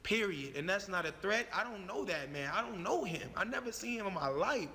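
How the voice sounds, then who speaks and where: A man's voice: high voice, expressive, fairly quick, sharp tone, slight background noise. A young man telling his own story in a heated, profane, emphatic way. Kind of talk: animated storytelling. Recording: long reverb on the voice.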